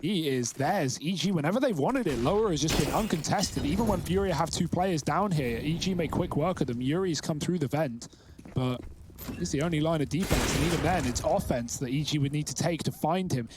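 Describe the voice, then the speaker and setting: A man calling a live esports match with quick, analytical play-by-play. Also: fairly high pitch, expressive, noisy background. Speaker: esports caster. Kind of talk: live game commentary.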